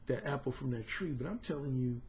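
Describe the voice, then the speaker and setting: A man voicing a smooth, sly male serpent who tempts with a low, hushed, coaxing murmur. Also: a little fast, lightly acted.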